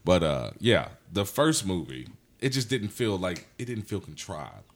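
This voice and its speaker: A man's voice: low-pitched, unhurried. A tipsy man, a comedian, telling loose, profane stories in a casual podcast chat. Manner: loose, profane storytelling with animated outbursts. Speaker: comedian guest.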